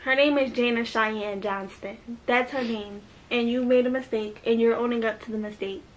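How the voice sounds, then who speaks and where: A teenage girl speaking in a quick, encouraging, emphatic way in a casual home video. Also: a little high, fairly even intonation, a little hiss or hum, low-quality recording. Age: teens. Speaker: twin sister. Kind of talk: supportive casual talk.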